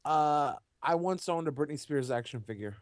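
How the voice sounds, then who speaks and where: A young man with a slightly high voice, talking in a relaxed, rambling way on a podcast. He drifts through stories and drops dude at the end of lines. The recording is dry and close. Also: moderate pace, dry recording. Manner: laid-back, rambling, says dude a lot. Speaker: podcast co-host. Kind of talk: casual podcast chat.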